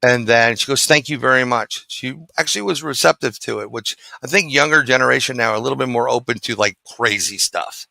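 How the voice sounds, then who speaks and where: A middle-aged New man tells a story as an interview guest, acting out each exchange. His voice is gravelly and bright. The sound is dry and close. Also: medium pitch, fairly quick, hardly any pauses, dry recording, rough recording. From New York City. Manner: animated storyteller acting out dialogue.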